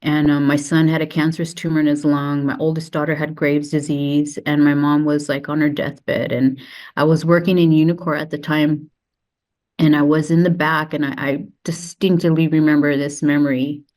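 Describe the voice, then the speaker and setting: A woman telling her own story as a podcast guest, halting and tearful, often restarting her sentences. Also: sits low, flat delivery, a little mellow. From United States. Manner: halting, with many restarts and fillers. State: tearful, close to crying. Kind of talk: emotional personal testimony.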